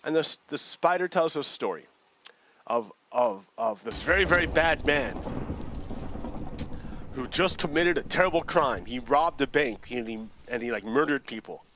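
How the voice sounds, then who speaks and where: A man, a gaming video host, telling a story in a rambling, halting way with many restarts. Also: mid-range voice, expressive, noisy background. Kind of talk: casual storytelling while playing a game. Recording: dull lo-fi dry recording.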